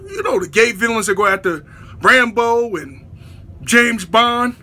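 A man delivering a profane, exasperated comedic rant to camera as a vlogger, often bursting into shouts. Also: very high voice, very animated, a little slow.

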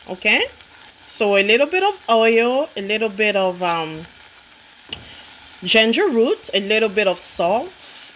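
A woman's voice: a little high, a bit bright, a little hiss or hum, rough recording. A woman cooking on camera, talking sassily and teasingly to her viewers and calling them honey. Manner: sassy, teasing, calls viewer honey, repeats "okay?". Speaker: cooking vlogger. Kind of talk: casual cooking demonstration. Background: frying sizzle.

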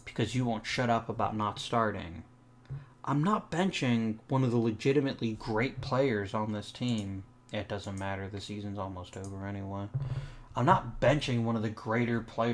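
A young man with a fairly low voice, the host of a gaming channel, narrates his play of a sports management game in let's play style. He reasons out loud about trades and the roster and answers his grumbling virtual players with sarcasm.

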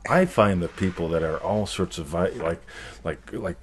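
A man with a very low, husky voice hosts a casual live question-and-answer chat. He talks in a jokey, animated way, laughs a lot and slips into playful voices to make his point. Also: normal speed. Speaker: host.

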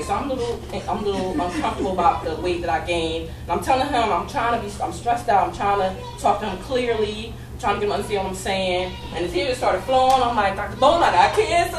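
A woman in her thirties performing a profane stand-up comedy set, getting loud and shouty at the punchlines. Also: medium pitch. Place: comedy club stage with a live audience. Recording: echoey room, from far off, audience noise.

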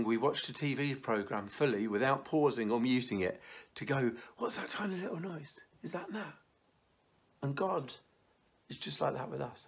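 A man in his thirties gives a youth sermon in a mid-pitched voice. He tells stories with energy and then drops to a quiet, earnest tone, often restarting his sentences. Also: vocal fry. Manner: lively storytelling, dropping to quiet and earnest; stumbling restarts and fillers. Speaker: church youth leader.

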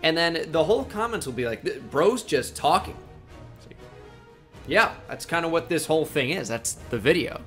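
Young male gaming host, self-mocking rambler, a bit high-pitched, soft music under him. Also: big pitch swings, brisk. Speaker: gaming YouTuber. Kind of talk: casual gameplay commentary.

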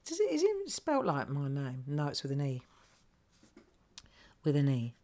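A middle-aged woman with a low, easy voice talks viewers through a colouring project on a live craft stream. She thinks aloud, asks questions and chats while she works at her table. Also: wildly swooping pitch, unhurried, dark tone. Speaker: craft host. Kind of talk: live crafting tutorial chat.

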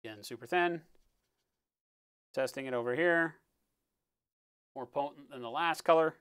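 A man talking through a live-stream painting tutorial in a relaxed, explanatory way, often checking in with "right?" and sometimes muttering as he works. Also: fairly high pitch, measured pace, smooth, no echo. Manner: muttering while working. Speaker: miniature painting instructor.

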